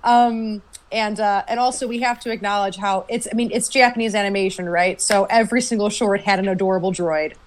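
A woman co-hosting a podcast in casual chat, excitable, laughing often and acting out quotes. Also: medium pitch, fairly quick, few pauses. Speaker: podcast co-host.

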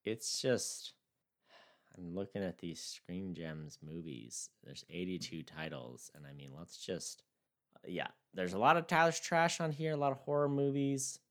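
Man, lowish voice, lively swings in pitch, wry, incredulous, casual movie podcast. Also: unhurried. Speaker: podcast co-host. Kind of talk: casual comedic movie chat.

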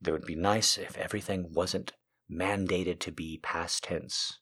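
A man's voice: sits low, fairly even intonation, a little slow, fairly bright tone, slightly rough. A man telling a story as a comedic monologue, a ranting, profane storyteller who makes sarcastic asides to the listener.

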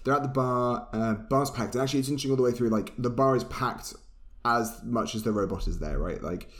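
A man's voice: mid-range voice, a little fast. A man co-hosting a podcast, recapping a film in rambling casual chat, swearing freely. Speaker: podcast co-host.

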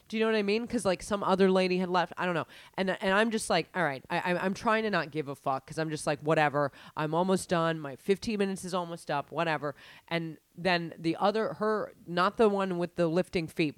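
A young woman telling a story in casual chat, animated and profane, with lots of fillers. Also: on the low side, no room sound.

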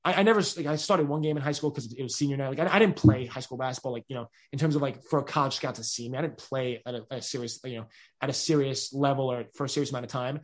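A young man, answering interview questions in an energetic, rambling way with many restarts. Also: medium pitch, fast. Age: 20s. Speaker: podcast host being interviewed.

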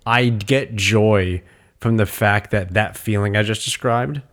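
A man's voice: on the low side, a little slow, a bit bright. A man in casual podcast chat, talking in a defiant, intense way with plenty of swearing. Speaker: podcast co-host.

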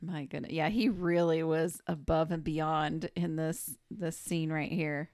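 A woman's voice: low-pitched, fairly even intonation, a little slow, a little mellow, no echo, studio quality. A woman co-hosting a casual podcast who mostly reacts with short remarks and laughs. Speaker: podcast co-host. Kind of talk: casual chat.

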